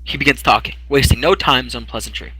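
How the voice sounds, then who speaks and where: A man's voice: medium pitch, fast, pushed and bright, husky, rough recording. A man narrating a tabletop role-playing game as game master, rambling with fillers and restarts.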